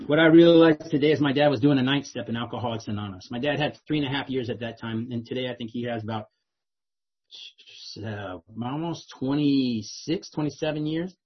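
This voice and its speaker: A middle-aged man with a mid-range, breathy-edged voice tells a meeting about his own recovery, streetwise and poking fun at himself, often ending lines with "right?". The recording is dull and lo-fi.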